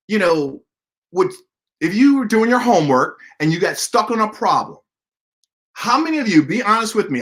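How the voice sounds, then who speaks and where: A man giving a motivational talk, telling a story animatedly and speaking directly to his listeners. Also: high-pitched. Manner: animated, acts out dialogue, addresses listeners directly. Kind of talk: motivational storytelling to an online audience.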